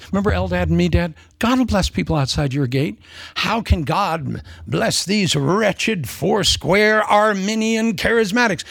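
A man preaching a lively sermon, playful and joking, slipping into voices for asides. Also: on the high side, vocal fry, dry recording, clean studio sound.

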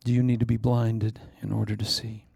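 Male pastor, blunt, teasing sermon delivery, gravelly tone, dry close sound. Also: lowish voice, flat delivery, a little fast, no echo. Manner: blunt, teasing, with sudden loud bursts and hushed asides.

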